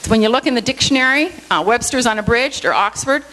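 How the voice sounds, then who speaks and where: A woman's voice: on the high side, fast talker, pushed and bright, low-quality recording. A woman giving a church Bible study lecture, explaining word meanings and checking in with her listeners with a frequent "okay?", with light self-deprecating humor.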